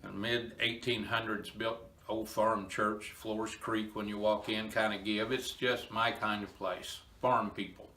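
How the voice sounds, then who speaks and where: A man's voice: lowish voice, flat delivery, a little slow, hardly any pauses, sharp tone. Earnest older man in an echoey barn. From Indiana, USA. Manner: earnest, emotional, folksy. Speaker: inspirational storyteller. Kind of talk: personal testimony talk.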